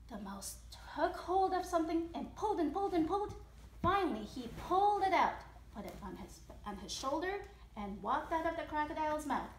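A woman, a mother, reading a children's storybook aloud at home with animated, expressive delivery. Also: sits high, slight background noise. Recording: echoey room.

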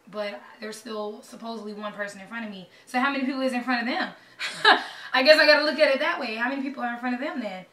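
A young woman, talking anxiously and excitedly to her camera in a casual vlog. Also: fairly high pitch. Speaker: vlogger. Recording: echoey room, voice a bit far from mic.

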